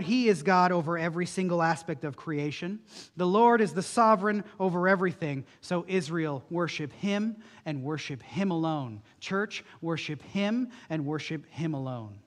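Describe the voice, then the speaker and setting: High-voiced preaching man, reverberant hall. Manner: emphatic preaching with rhetorical questions. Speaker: pastor. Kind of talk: sermon.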